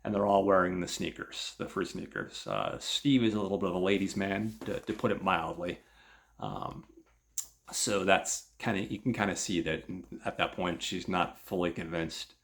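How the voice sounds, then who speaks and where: Male host, low gravelly voice, loose rambling film recap. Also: steady tone, normal speed, a bit bright. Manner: rambling, with many filler words. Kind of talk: casual film plot recap.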